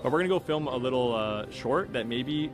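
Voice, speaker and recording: A man in his thirties hosting a casual interview, chatting quickly and affirming his guest. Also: medium pitch, animated. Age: 30s. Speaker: video host interviewing. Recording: clear background music.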